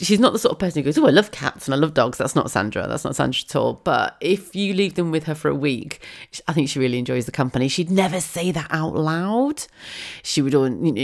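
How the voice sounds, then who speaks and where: Casting: low-voiced woman in her thirties, stuffy with a cold, chatty storyteller. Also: gravelly. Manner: chatty and storytelling, laughs often. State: has a head cold. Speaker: podcast host. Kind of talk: casual monologue.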